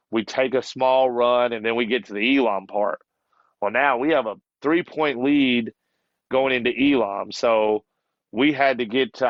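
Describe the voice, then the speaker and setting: Male coach telling an animated story. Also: medium pitch, dry recording, dull audio. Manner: lively storyteller who acts out what others said and laughs often. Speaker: basketball coach, podcast guest. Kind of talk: casual storytelling.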